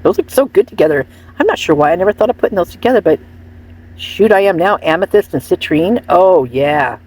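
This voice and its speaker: Husky woman rambling through gossip on her channel, lots of restarts. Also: on the low side, expressive, fairly quick, a little mellow. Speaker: channel host commenting on celebrity photos. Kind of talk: casual commentary vlog.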